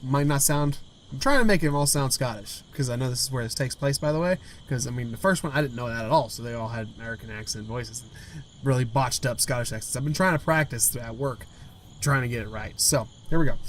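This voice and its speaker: A man's voice: mid-range voice, expressive, fairly quick, a little hiss or hum. A man hosting a gaming video, reading a story game aloud with stumbles, restarts and side comments.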